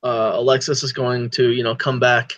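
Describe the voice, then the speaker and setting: A man's voice: medium pitch, little pitch movement, moderate pace, a bit bright, dry recording. A man playing a tabletop role-playing game, describing his character's actions in a rambling way full of "like" and "you know". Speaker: player. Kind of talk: tabletop role-play chat. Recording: slightly dull, dry mic.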